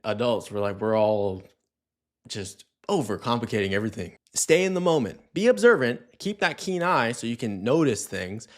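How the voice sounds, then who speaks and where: A young man teaches dog owners how to play with their dogs, his voice sitting at an ordinary middle pitch. He talks casually, with loose fillers, and repeats his key points for emphasis. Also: sing-song, normal speed. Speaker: dog trainer. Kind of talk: instructional talk to camera.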